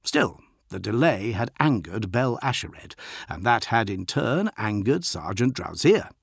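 A man narrating an audiobook in a steady, dramatic reading. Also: lowish voice, measured pace, vocal fry, slightly rough, no echo, clean studio sound.

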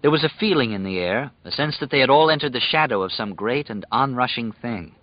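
A man reading an audiobook as narrator in a measured, even storytelling manner. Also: medium pitch, no echo, highs cut off. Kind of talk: scripted narration.

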